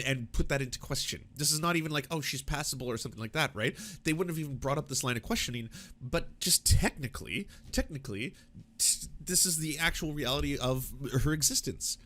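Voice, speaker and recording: Profane man reacting to clips. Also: medium pitch. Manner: profane, animated, mocking asides. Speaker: political commentary host. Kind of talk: casual reaction commentary.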